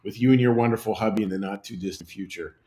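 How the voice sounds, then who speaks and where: A man serving as pastor on a livestream, praying and greeting viewers in a gentle, unhurried way. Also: lowish voice, rough recording. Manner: gentle, unhurried, reads viewer messages aloud.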